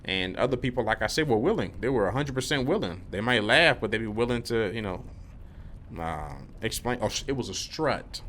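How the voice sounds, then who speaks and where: A man's voice: lowish voice, a little fast, fairly bright tone, slight background noise. A young man vlogging, telling a rambling, laid-back story about work, full of slang. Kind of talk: casual rambling monologue.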